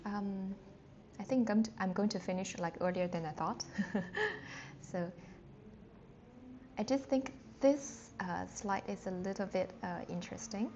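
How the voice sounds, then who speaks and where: A woman's voice: mid-range voice, dark tone. Woman teaching tones, drawing out words. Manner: chatty, loose, with many fillers and self-restarts; sounds out Chinese words slowly with exaggerated tones. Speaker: Mandarin teacher. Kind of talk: live online language lesson. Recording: dull lo-fi stream audio with faint background noise.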